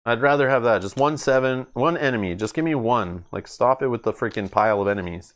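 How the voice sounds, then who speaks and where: A man's voice: medium pitch, a little fast. A man streaming a solo card game playthrough, thinking aloud as he reads cards, laughing often. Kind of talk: casual solo playthrough commentary. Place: home gaming table.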